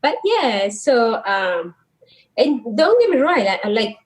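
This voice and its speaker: Guest: middle-aged woman, Dominican Spanish accent, high and very animated voice, storyteller who hunts for words. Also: takes it slowly, poor audio. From Dominican Republic. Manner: animated, searching for words, laughs easily. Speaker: guest, social worker. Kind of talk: casual conversational storytelling.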